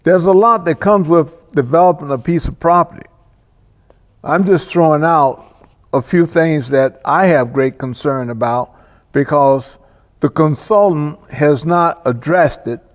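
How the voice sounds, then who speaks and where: A man hosting a local cable show, talking through local affairs in a slow, deliberate monologue with pauses and restarts. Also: a little high, big-room sound. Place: local access TV studio.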